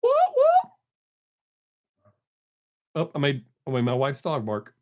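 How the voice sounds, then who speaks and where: A man's voice: medium pitch, fairly quick, darkish tone. An older man hosting a live stream, in casual folksy chat, joking and greeting viewers from the chat by name.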